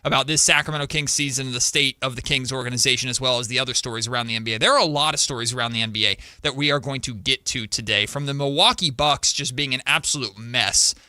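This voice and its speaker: Bright, crisp-toned sports radio man. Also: mid-range voice, fast talker, few pauses, no room sound, studio quality. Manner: animated, teasing. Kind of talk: casual sports talk.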